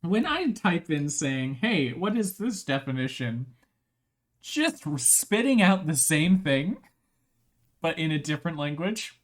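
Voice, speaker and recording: An unhurried live streamer at a middle-pitched voice, talking in a loose, playful ramble. Thoughts trail off and restart, and laughter breaks in often during this casual stream chat. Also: sing-song. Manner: halting, with many restarts.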